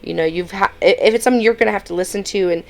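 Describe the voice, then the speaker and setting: Gravelly-voiced woman reacting casually. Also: medium pitch, rapid-fire. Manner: easygoing, conversational asides. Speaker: reaction video host. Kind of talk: casual commentary.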